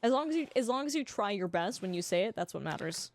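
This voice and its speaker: A woman's voice: medium pitch, big pitch swings, quick pace. A young woman streaming a game, chatting with her viewers and often restarting her sentences. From Canada. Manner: chatty, answers chat, stammers and restarts. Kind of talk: casual livestream chat.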